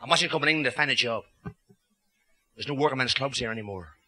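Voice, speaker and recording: A man's voice: medium pitch, fast, sharp tone, slight background noise. An Irish man telling jokes to a live club audience in cheeky storytelling patter. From Ireland. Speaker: club comedian. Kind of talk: live stand-up joke telling. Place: social club function room, live audience.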